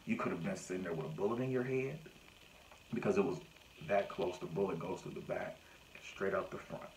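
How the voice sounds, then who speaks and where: A man, recounting a personal story to camera in a casual, animated way and acting out what people said. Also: deep voice, vocal fry, slight background noise, low-quality recording. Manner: animated retelling with acted-out quotes. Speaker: vlogger.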